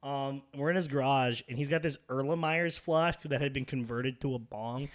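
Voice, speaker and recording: A man's voice: medium pitch, moderate pace. A young man hosting a casual podcast, telling rambling stories and laughing as he goes. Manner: rambling, laughing, acts out quoted voices. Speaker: podcast host. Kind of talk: casual chat, storytelling.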